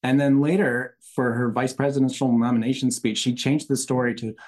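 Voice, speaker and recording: A man in a mid-range voice, a guest author on an interview podcast. He explains things in a measured, conversational way, now and then with a light laugh. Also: medium pitch, fairly even intonation, darkish tone.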